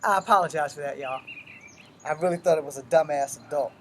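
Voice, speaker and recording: A fast talker with a medium, slightly bright voice, the instructor is recorded with a little hiss or hum. He gives a casual weapons walkthrough, bluntly explaining each step of the drills and swearing often.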